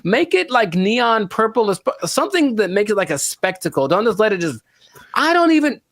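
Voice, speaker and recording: A man's voice: high-pitched, very animated, a little fast, creaky, a bit bright, dry recording. A man co-hosting a podcast in casual chat, rambling and self-deprecating, laughing often at himself. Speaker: podcast co-host.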